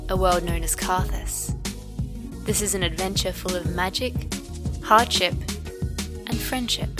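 A woman's voice: fairly low pitch, unhurried, music in the background. A young woman reading a dramatic scripted introduction to a fantasy podcast. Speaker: player and intro narrator. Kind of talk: scripted narration and casual chat.

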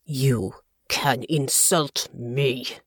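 A proud, hot-tempered young woman soldier, voiced by a woman reading an audiobook, growling her words low and slow. The delivery is deliberate and cold, with a dry, close sound. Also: animated, no room sound, heavily acted. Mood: furious. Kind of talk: audiobook character voice.

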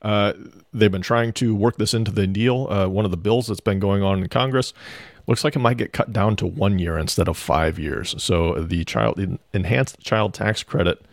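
Gravelly, dry-sounding co-host man. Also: lowish voice, normal speed, dry recording. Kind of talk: casual radio show chat.

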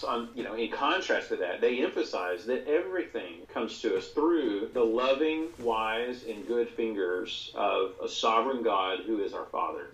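A man answering interview questions earnestly, with frequent fillers and restarts. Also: mid-range voice. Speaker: guest author. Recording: echoey room, dull lo-fi sound.

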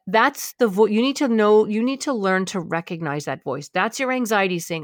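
A woman explaining how anxiety works in an emphatic, quick conversational way. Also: mid-range voice, lively intonation, dry recording, studio quality. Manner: emphatic, quick, voices the anxious mind in asides.

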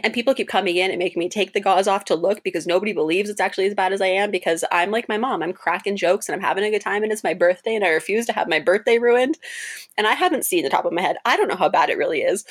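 A young woman in her twenties, an interview guest and cosplayer, telling stories in a casual, animated way with laughter and quick jumps in pitch for quoted voices.

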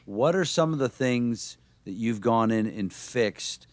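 A man's voice: mid-range voice, expressive, measured pace, dry recording. A man co-hosting a podcast, asking long, rambling, joking questions. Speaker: podcast co-host.

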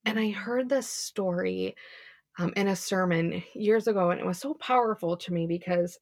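A woman's voice: medium pitch, moderate pace, few pauses, slightly rough, dry recording, studio quality. A young woman co-hosting a podcast, giving a casual faith devotional talk in an earnest, chatty way full of "like". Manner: earnest, chatty, heavy filler "like".

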